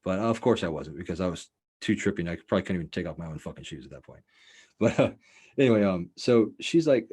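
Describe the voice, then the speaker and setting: A man's voice: sits low, lively intonation, fast, mellow, slightly rough. A man hosting a show, telling a story in a loose, rambling, profane way with lots of fillers. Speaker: show host. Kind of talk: casual storytelling.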